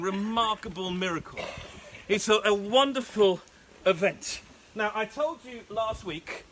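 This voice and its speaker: Man, pastor, playful storytelling sermon, high bright voice. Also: a little hiss or hum. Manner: animated, playful, laughing often. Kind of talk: lively Bible storytelling sermon.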